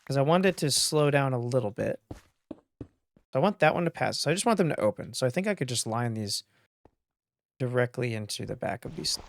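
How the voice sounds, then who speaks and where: A man hosting a gaming video, thinking aloud in casual commentary, self-mocking and quick to get excited. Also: mid-range voice, vocal fry, a little hiss or hum. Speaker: gaming channel host.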